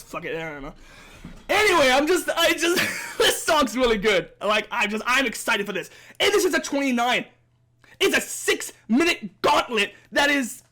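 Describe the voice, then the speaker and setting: High-voiced, excitable young man. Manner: enthusiastic, rambling, fanboying with frequent restarts. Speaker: gaming video creator. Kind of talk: excited game update commentary.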